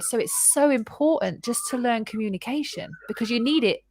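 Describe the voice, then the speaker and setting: A woman hosting a podcast, chatting casually and telling personal stories with animated quoted dialogue over a remote call. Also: on the high side, brisk, noisy background. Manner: animated, acts out past conversations in quoted voices. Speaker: podcast host. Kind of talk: casual conversational storytelling.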